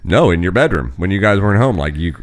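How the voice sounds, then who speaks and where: A man's voice: low voice, expressive, fast. A man hosting a casual family podcast, loose and jokey as he runs the segments. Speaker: podcast host.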